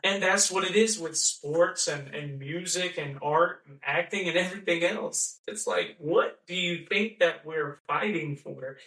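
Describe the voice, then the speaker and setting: A man with a high, bright voice rants through a mocking monologue and keeps circling back to repeat his points. He sounds set back from the microphone in a room with a lot of echo. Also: unhurried, few pauses. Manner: ranting, repetitive, mocking, acts out quoted voices. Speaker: podcast host. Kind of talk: impassioned monologue. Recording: echoey room, voice from a distance.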